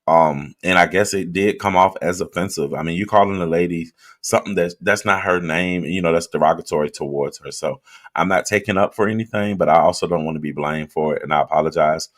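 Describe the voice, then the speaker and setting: The voice is low-pitched, a bit bright and brisk, belonging to a man hosting a relaxed livestream. He chats loosely and directly with viewers, reading their comments as he drinks.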